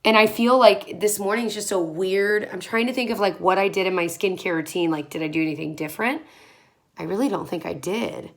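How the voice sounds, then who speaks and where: A woman's voice: medium pitch, fairly quick. A tired young woman in her twenties chatting casually and rambling as she gets ready in a small room at home, laughing often between thoughts. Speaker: beauty vlogger. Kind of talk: casual vlog chat.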